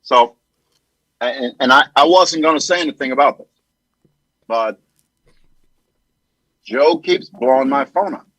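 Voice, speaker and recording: A man impersonating a former president, speaking in deliberate, halting phrases. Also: mid-range voice, a bit bright, no echo, pitched below the performer's own voice, rough recording. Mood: joking. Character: measured, professorial former male president. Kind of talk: celebrity impression.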